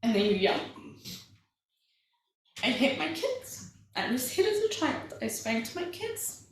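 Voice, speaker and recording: A woman's voice: high-pitched, big pitch swings, takes it slowly, far from the mic, a little hiss or hum. A woman in her forties, a parenting coach, giving a candid, conversational talk to a live audience, emotional at moments. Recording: echoey room, mic from afar.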